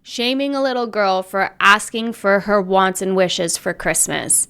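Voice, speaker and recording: A woman's voice: medium pitch, unhurried, bright, forceful tone, clear, resonant tone. Indignant woman ranting in commentary. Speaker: commentary channel host. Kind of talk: reaction commentary.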